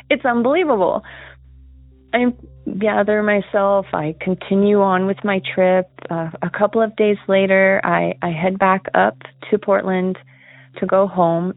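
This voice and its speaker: A woman's voice: mid-range voice, fairly even intonation, a little slow, dry recording. Lady caller telling her story, laughs a lot, tinny phone line, dry sound. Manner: earnest, laughs often while telling. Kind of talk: casual spoken storytelling.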